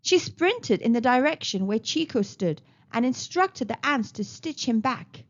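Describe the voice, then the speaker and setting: A woman reading a children's storybook aloud in an animated, sing-song way. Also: on the high side, normal speed, few pauses. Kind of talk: read-aloud storybook narration. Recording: slightly dull lo-fi recording.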